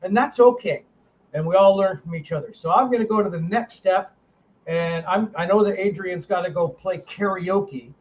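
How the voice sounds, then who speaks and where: A man's voice: sits high, normal speed. A middle-aged man hosting a paranormal panel over a video call, talking in a blunt, rambling way and often correcting himself. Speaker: host, paranormal investigator. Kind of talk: casual panel chat. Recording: dull lo-fi audio with faint hiss.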